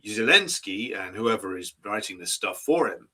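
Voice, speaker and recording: A man's voice: on the low side, expressive, moderate pace, pushed and bright. A man hosting a political commentary stream, arguing his case and posing rhetorical questions. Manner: argumentative, asks rhetorical questions.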